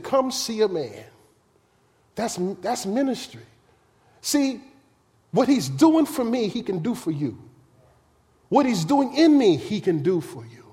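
Male pastor, sermon, animated and colloquial, mellow tone, long reverb. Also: very high voice. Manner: animated, colloquial, acts out voices.

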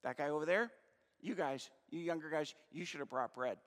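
A man's voice: fairly high pitch, normal speed, a bit bright. A man voicing a defensive older male disciple who argues casually with the younger ones. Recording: long reverb of a large hall.

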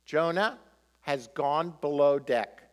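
Animated preacher, a man, fairly high voice. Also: slow pace, in a large hall. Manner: animated, rhetorical questions to the congregation. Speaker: pastor. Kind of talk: sermon.

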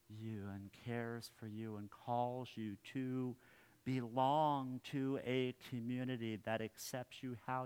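A male pastor preaching a sermon in a church, earnest, his phrases trailing off softly at the ends. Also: mid-range voice, smooth.

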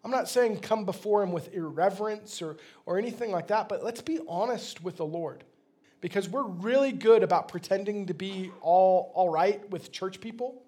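A man's voice: sits high, normal speed, warm tone. A man, a pastor, delivering a sermon in a conversational, plain-spoken way.

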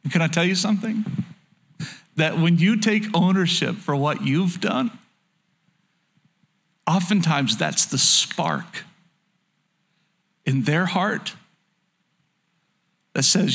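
A middle-aged male pastor preaching a sermon, earnest, dropping to soft low pleading and rising into urgent exhortation. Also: lively intonation, slow, pauses often, slightly rough.

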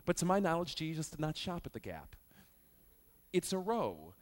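A male pastor preaching a Bible-study sermon, animated and joking as he teaches. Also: fairly high pitch, normal speed.

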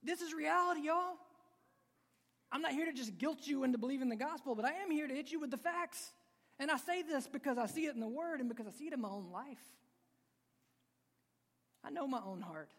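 A man's voice: extremely high pitch, lively intonation, moderate pace, pauses often. A man preaching a sermon to a live congregation in a church, conversational and joking, with sudden emphatic bursts. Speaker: pastor. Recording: long reverb of a large hall.

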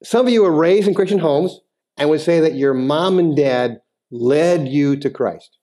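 Conversational preacher with a fairly high voice. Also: male voice, a little slow. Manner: conversational preaching, rising to emphatic near-shouting. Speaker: pastor. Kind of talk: sermon. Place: church sanctuary.

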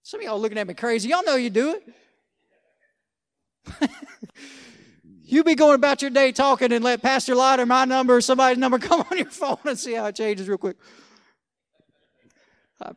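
A man's voice: extremely high pitch, moderate pace, pauses often, clean tone. A man preaching a sermon as pastor, conversational, with joking asides and rhetorical questions.

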